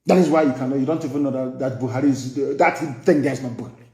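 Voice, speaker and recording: A man's voice: medium pitch, racing, warm tone, roomy sound. A man with a Nigerian accent giving a live political broadcast, scornful and impassioned, repeating phrases for emphasis. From southeastern Nigeria. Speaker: broadcaster addressing followers.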